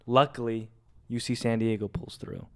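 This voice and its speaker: Young guy on a podcast telling a long story, smooth clear voice, does the voices of people in it. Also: mid-range voice, moderate pace. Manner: animated storyteller acting out quotes. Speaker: podcast co-host. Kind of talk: casual storytelling.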